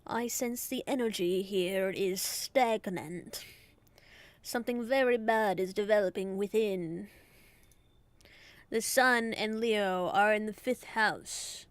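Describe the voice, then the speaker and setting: A woman voicing a smug, mystical woman fortune teller in a put-on Southern drawl, talking slowly and condescendingly. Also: mid-range voice, no room sound, lightly acted. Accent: put-on American Southern. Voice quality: slow southern twang.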